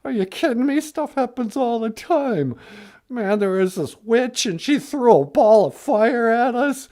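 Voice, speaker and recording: A man's voice: very high voice, animated, a little slow, warm tone. A man voicing a nervous, whiny male lion on a puppet comedy podcast, stammering in a panic. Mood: griping.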